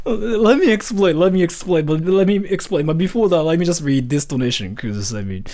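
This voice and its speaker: A man's voice: fairly high pitch, a little fast, hardly any pauses. A man streaming live, chatting casually with viewers and reading donations in a rambling way with lots of fillers. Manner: animated, rambling with many fillers. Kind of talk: casual livestream chat.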